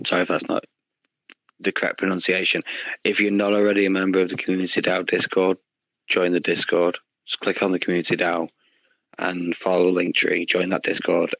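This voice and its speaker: A man with a low voice talks in a near monotone, giving friendly, easygoing advice to a newcomer in a casual online chat. The sound is dry and a little dull, like lo-fi online audio. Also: dry recording. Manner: friendly, advising, calls listener "bud".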